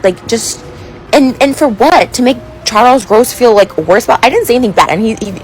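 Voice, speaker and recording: A woman's voice: a little high, expressive, normal speed, soft background music, rough recording. An upset woman ranting into a phone selfie video, rambling with lots of fillers and breaking off mid-sentence. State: upset, close to tears. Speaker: social media influencer. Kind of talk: emotional selfie video rant.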